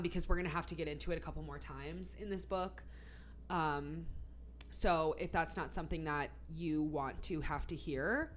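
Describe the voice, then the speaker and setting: A woman's voice: deep voice, slight background noise. A woman recapping a novel in a casual, chatty way, full of fillers and sarcastic asides. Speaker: book reviewer.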